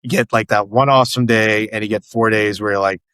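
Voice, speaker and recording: A man's voice: lowish voice, fairly even intonation, a little fast, fairly bright tone, clean tone, no room sound. A man in his fifties, a startup founder telling stories as a podcast guest, rambling and restarting his sentences often. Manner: rambling storyteller, many restarts and repeated words. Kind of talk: casual podcast conversation.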